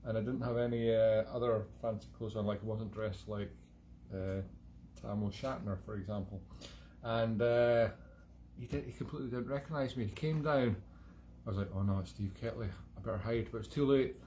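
A man's voice: medium pitch, steady tone, normal speed, mellow, slight background noise. A Scottish man hosting a live-streamed music show from home, chatting in a rambling, digressive way with self-mocking humour. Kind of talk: rambling casual monologue.

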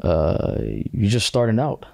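A low, gravelly man talks bluntly in a relaxed, casual way, mixing street slang with recited Arabic phrases. His voice sits dark and mellow, and the recording is close and dry. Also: measured pace, dry recording. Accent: British. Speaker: guest scholar. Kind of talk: casual podcast discussion.

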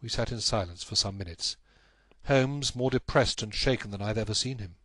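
A man's voice: fairly low pitch, a little fast, fairly bright tone, no room sound. Dry-voiced male audiobook narrator.

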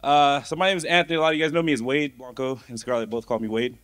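A young man speaks as groomsman at a wedding reception. He talks casually, stumbling with fillers as he searches for words. His voice is mid-pitched for a man. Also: little pitch movement, racing, fairly bright tone. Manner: casual, hesitant, lots of fillers. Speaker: groomsman giving a toast. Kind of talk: wedding toast speech.

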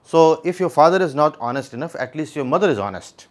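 A man walks through a classic play line by line, his voice rising and falling a great deal as he explains. It sits a little higher than most men's. After each quoted line he repeats the meaning in simple words. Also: lively intonation, quick pace. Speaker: literature teacher.

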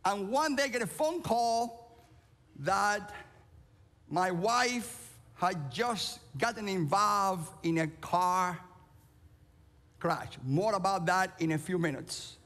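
Animated high-voiced Cuban-born preacher. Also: male voice, slow, long reverb tail. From Cuba. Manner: playful, animated, calls out to the crowd. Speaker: pastor. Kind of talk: sermon with audience participation. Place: large church auditorium.

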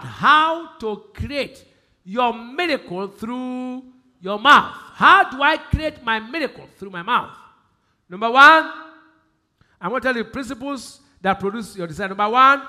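A male pastor with a Nigerian accent preaching a sermon, asking the congregation questions and repeating key phrases, swinging between loud emphasis and quiet speech. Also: extremely high pitch. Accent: Nigerian English.

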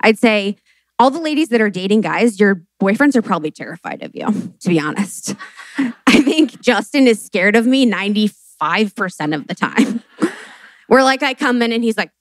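A chatty woman in her late twenties hosts a live podcast, spilling stories in a lively rush. Her voice sits in a middle pitch and sounds dry and close, with no room echo. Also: moderate pace. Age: late 20s. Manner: animated and chatty, full of fillers and swearing. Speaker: podcast host.

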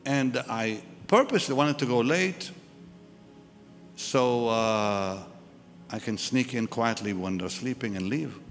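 A man with a mid-range voice speaks slowly as he preaches at a live church service, telling a personal story and acting out the voices of the people in it. The recording comes from a live church hall, with reverb and music.

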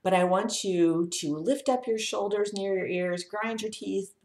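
A woman health educator leading viewers through a guided breathing lesson, talking calmly and counting breaths aloud. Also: medium pitch, unhurried, roomy sound.

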